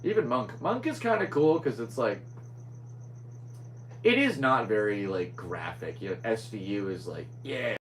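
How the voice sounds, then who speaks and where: A man's voice: lowish voice, expressive, a little slow, fairly bright tone, slight background noise, rough recording. A young man hosting a casual solo podcast, rambling and scatterbrained as he chats. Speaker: podcast host.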